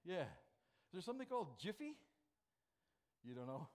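A man preaching a sermon as pastor, lively and joking, with sudden loud emphatic phrases. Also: high-pitched, normal speed, slight background noise.

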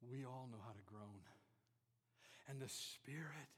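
A man preaching a sermon to a congregation, animated, swinging from loud to hushed and joking with the listeners. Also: medium pitch, a little slow, long pauses, breathy edge, long reverb tail. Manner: jokes with the congregation. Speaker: pastor. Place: church before a congregation.

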